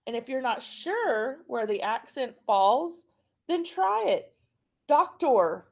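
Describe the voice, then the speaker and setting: Slow, patient Oklahoma teacher woman. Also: sits high, sing-song, creaky, a little mellow. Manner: patient, repeats words slowly for practice. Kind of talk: phonics lesson.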